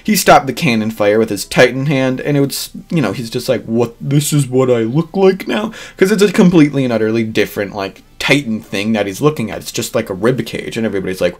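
A man casually telling a fan-made what-if story, rambling along with plenty of fillers and cursing. His voice sits at an ordinary middle pitch. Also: expressive, quick pace, few pauses. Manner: rambling, filler-heavy, swears freely.

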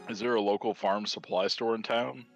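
A man with a gravelly voice, a joking player in a tabletop game, on dull lo-fi audio. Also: on the low side, fairly even intonation, a little fast, faint music behind. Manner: joking, dry. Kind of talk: casual tabletop banter.

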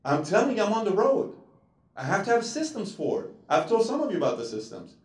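Lively joking guy, voice bouncing around, kinda high, echoey room far from mic. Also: a little fast. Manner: animated, joking, puts on voices. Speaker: entrepreneur host. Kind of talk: casual talk to a small group.

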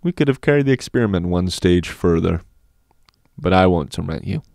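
A man voicing a self-assured older schoolboy who speaks softly and with measured calm. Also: low-pitched, gravelly, no room sound, studio quality. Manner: measured, soft, unhurried.

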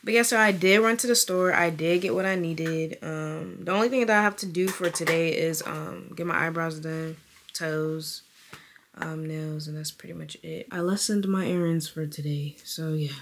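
A woman's voice: sits low, fairly even intonation, normal speed, fairly bright tone, slight background noise. Young woman vlogger from Virginia, early twenties, casual chatty delivery that keeps talking straight to her viewers. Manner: chatty, addresses viewers as y'all. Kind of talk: casual vlog chat to camera.

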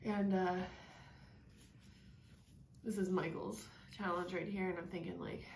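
A woman's voice: lowish voice, steady tone, measured pace, darkish tone. Chatty woman in an echoey room. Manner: chatty, rambling, with many fillers. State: mouth burning and drooling. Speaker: channel co-host. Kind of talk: casual chat during a spicy food challenge. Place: home room. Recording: echoey room, faint hiss.

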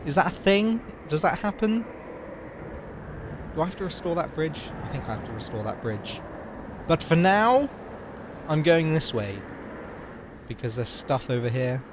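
A man's voice: a little high, very animated, moderate pace, pauses often, background noise. A young man talking casually and swearing while playing a game, joking and rambling. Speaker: let's play host. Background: game music.

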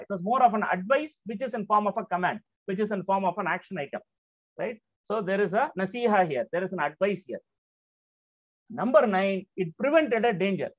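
High-voiced man teaching a Quran lesson. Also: no echo. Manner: explanatory, checks in with frequent "right?" and "okay?". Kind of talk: religious lecture. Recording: slightly dull, dry lo-fi recording.

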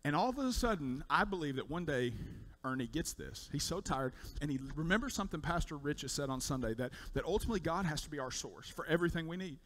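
A man preaching a sermon in church, telling a story in an animated way and repeating words as he builds up. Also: a little high, fast, few pauses. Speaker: pastor. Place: church sanctuary.

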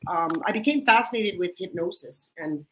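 A woman's voice: fairly low pitch, lively intonation, normal speed, a bit bright, a little hiss or hum. Chatty woman host in roomy echo. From Canada. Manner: chatty, laughs often while telling stories. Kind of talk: casual storytelling chat.

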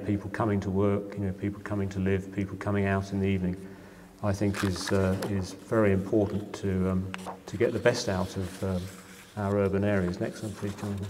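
A middle-aged man with a somewhat low voice speaks to an audience in a lecture hall, his words trailing into a long reverb. He talks informally and conversationally as a developer explaining his work, leaning on "you know" and small hesitations. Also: darkish tone. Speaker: property developer giving a public lecture.

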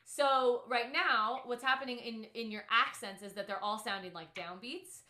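A bright, fairly high woman's voice with a lively, forward tone, heard in a room with noticeable echo. She is a patient piano teacher who walks her student through each idea step by step, filling her talk with casual "like"s. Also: normal speed. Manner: patient, upbeat, explains step by step with many "like"s. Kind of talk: one-on-one lesson.

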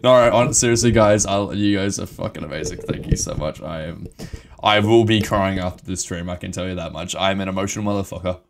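A man live-streaming a game, excitable and emotional, swearing and laughing often as he talks to his chat. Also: deep voice, a little fast, gravelly, background noise.

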